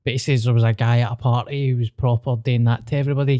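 A Scottish comedian chats on a podcast in a relaxed, joking way with a dry sense of humour. His voice sits close and dry on the mic, with no room sound. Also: medium pitch, fast, no echo. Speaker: comedian guest. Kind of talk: casual podcast chat.

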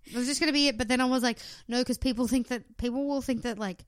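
A woman's voice: a little high, fairly even intonation, fast, no echo. A young woman co-hosting a podcast, chatting casually with dry, sarcastic asides. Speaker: podcast co-host. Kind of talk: casual chat.

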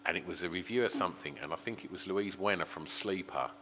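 A man's voice: low voice, fast, bright, forceful tone. A man hosting a casual chat, mostly giving short interjections. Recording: roomy reverb, faint hum.

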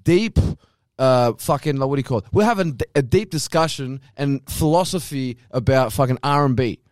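A man's voice: medium pitch, normal speed, darkish tone, no echo, studio quality. A young man, telling a story with lots of swearing in a casual podcast chat.

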